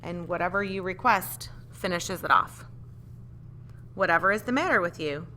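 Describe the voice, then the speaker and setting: Woman teacher, bright and clear, lowish voice, patient grammar lesson with questions to the class. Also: moderate pace, a little hiss or hum. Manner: patient, explains step by step, asks the class questions. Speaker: English teacher.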